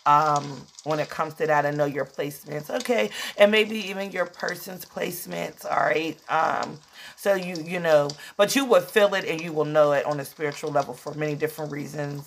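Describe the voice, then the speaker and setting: A woman's voice: deep voice, moderate pace, creaky, slight background noise. Emotional chatty woman tarot reader. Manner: chatty, emotional, calls listeners "child". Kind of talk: casual tarot reading.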